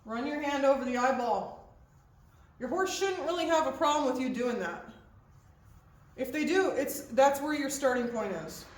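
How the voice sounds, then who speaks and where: A woman's voice: sits high, normal speed, long pauses. A woman horse trainer giving hands-on instruction, explaining each step and checking in with "okay?" as she goes. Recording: echoey, distant mic with faint background noise.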